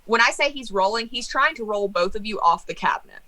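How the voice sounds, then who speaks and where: A young woman leads a tabletop role-playing session as game master. Her voice is bright and clear, and she narrates in an animated way, breaking into laughter and teasing the players with mock outrage. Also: medium pitch, fairly quick, poor audio.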